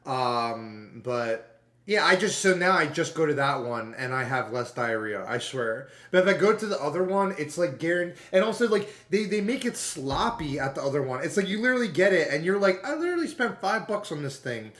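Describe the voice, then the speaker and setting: A man's voice: a little high, expressive, normal speed, fairly bright tone. A man streaming and chatting casually with his viewers, rambling and playful, often trailing off mid-sentence. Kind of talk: casual chat to a live stream chat. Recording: echoey room with faint background music.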